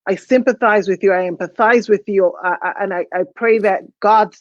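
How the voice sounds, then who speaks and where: Halting, emotional woman host. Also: mid-range voice, no room sound, dull audio. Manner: halting, emotional, hesitant with many restarts. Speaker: talk show host. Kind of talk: live call-in talk show.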